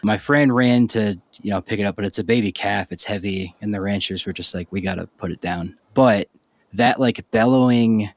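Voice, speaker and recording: A man's voice: lowish voice, normal speed. A man hosting a podcast, telling a story in an offhand, loose way with casual swearing. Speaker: podcast host. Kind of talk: casual chat.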